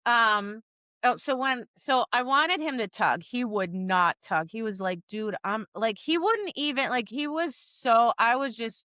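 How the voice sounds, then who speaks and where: Bright, higher-pitched woman chatting on a podcast, acts out voices, dry close mic. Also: a little slow, no room sound. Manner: animated, acts out cheery voices and dog reactions. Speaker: podcast co-host, dog trainer. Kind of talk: casual chat.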